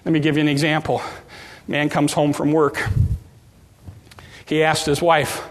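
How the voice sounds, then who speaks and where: A man with a high voice delivers a sermon as a pastor. He keeps a folksy, joking tone and acts out little home scenes for his congregation. The sound carries a long reverb, as in a church hall. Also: fairly even intonation, a little slow, pauses often.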